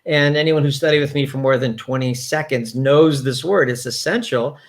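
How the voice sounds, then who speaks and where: A man's voice: medium pitch, normal speed. A man, a yoga therapist, chatting candidly as an interview guest with many restarts. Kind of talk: casual conversational interview.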